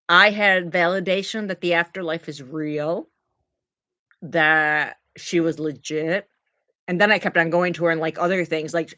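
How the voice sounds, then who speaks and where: A middle-aged woman vlogging, telling a personal story in an emotional, animated way to camera. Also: fairly low pitch, dry recording, dull audio. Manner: emotional, animated, talks to her dogs mid-story.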